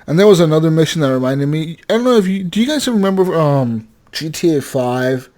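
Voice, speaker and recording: A high-voiced man telling a gaming story. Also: fairly quick, few pauses. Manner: animated storytelling, swearing, quoting game characters. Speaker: podcast co-host. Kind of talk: casual gaming chat.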